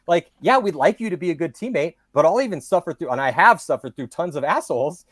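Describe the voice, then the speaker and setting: Male podcast guest, slightly high voice, dry close sound, long-winded and animated. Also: fast talker, hardly any pauses, no echo. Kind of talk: casual podcast talk.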